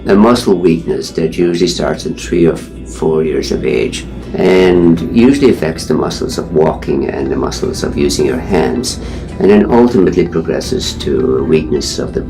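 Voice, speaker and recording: Doctor guy, very deep rough voice, soft music under him. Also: expressive. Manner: measured, explanatory. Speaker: physician. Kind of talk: explaining a disease.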